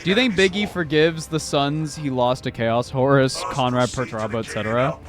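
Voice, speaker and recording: A man casually commenting while streaming a game, rambling and animated, swearing often. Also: medium pitch, a little fast, music in the background.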